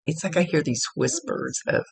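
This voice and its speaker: Gravelly, husky woman medium. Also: low voice, animated, moderate pace, dry recording, rough recording. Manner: rambling, self-correcting, laughs at own slips; half-whispering at times. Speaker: psychic medium. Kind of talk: spirit reading.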